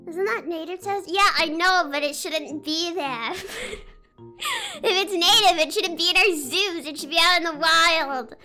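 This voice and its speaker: A young adult woman, chatting casually on a livestream in an excitable, giggly, sarcastic way. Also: extremely high pitch, measured pace, soft background music. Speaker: streamer.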